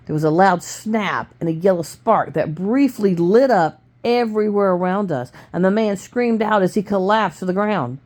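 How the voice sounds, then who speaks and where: A woman reading a novel aloud to her family in plain, steady storytelling with small stumbles. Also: on the low side. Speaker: family reader.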